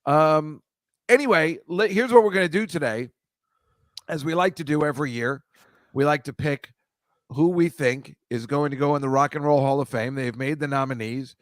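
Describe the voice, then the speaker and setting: A man's voice: a little high, normal speed, dry recording, studio quality. A middle-aged man hosting a podcast, chatting casually and rambling with jokey asides to his viewers. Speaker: podcast host. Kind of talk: casual livestream chat with viewers.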